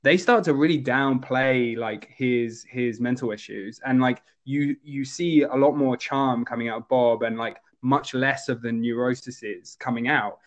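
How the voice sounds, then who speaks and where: A man casually discussing a film as a podcast co-host, animated and full of fillers. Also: measured pace, hardly any pauses, muffled recording. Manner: animated, jumps to high voices when quoting characters.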